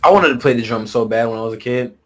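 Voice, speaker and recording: A man's voice: mid-range voice, fast talker, over music. A man on a video call with hiccups, chatting casually in a laid-back, slangy way. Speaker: stranger on video chat. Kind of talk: casual chat.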